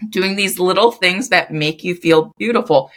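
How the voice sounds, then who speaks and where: A woman's voice: lowish voice, normal speed. A young woman hosting her own podcast, talking loosely and unscripted with lots of "like" fillers. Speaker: podcast host. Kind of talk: casual solo podcast chat.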